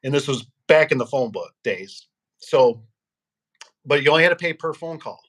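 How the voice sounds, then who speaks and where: On a casual podcast, this man, who owns a garage door business, rambles through his stories, imitating the people he quotes. He speaks at normal speed in an expressive, mid-range voice that's a bit bright.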